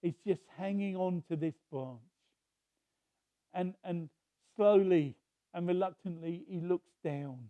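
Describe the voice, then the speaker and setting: A man's voice: high-pitched, slow pace, long pauses, dry recording, narrow, tinny audio. A man preaching a sermon, telling a story in a conversational way with restarts.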